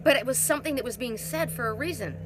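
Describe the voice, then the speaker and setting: A woman's voice: on the high side, fast, music in the background. A middle-aged woman giving an emphatic, repetitive spiritual monologue as a twin soul facilitator, speaking outdoors. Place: outdoors in hot humid weather.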